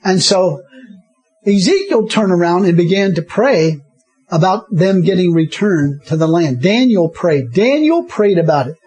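A man's voice: high voice, animated, unhurried, a little mellow, slightly rough. A man preaching a sermon, often chuckling and breaking in with hallelujahs. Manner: chuckling often, interjecting hallelujahs, repeating himself.

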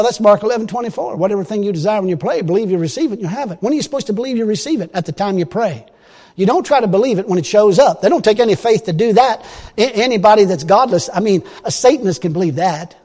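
A man preaching a sermon in a folksy, emphatic way, breaking into loud exclamations. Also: high voice. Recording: long reverb of a hall.

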